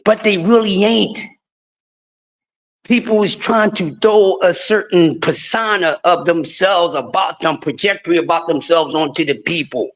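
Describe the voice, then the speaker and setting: A middle-aged man, hosting a livestream in a high-pitched voice. He preaches with fierce emphasis, swinging between shouting and hushed pleading. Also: measured pace. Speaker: livestream host. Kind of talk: impassioned livestream rant.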